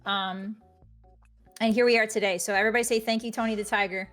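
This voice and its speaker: A woman's voice: medium pitch, fairly even intonation, a bit bright, faint music behind. Goofy woman joking on a livestream. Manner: goofy, joking, quick with bits. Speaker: author guest. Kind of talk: casual livestream interview.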